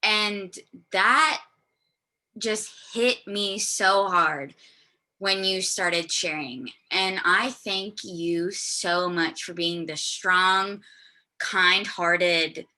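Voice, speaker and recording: A woman speaks in a heartfelt way to a friend in her support group. She talks slowly and with emphasis. Her voice has a bright, forceful edge. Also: mid-range voice. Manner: warmly emphatic, calls the listener girl. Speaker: group member. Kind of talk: casual heartfelt share.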